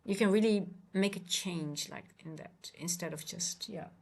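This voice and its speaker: Earnest rambling woman streamer, lowish voice. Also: normal speed, gravelly. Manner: earnest, rambling, many restarts. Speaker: trading coach and livestream host. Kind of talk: casual livestream chat.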